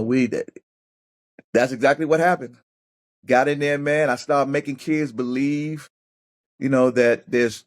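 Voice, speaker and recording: A middle-aged man, a former football player turned coach, telling personal stories as a podcast guest, often restarting his words. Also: medium pitch. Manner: animated storyteller who acts out other people's voices; repeats and restarts words while thinking. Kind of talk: casual storytelling interview.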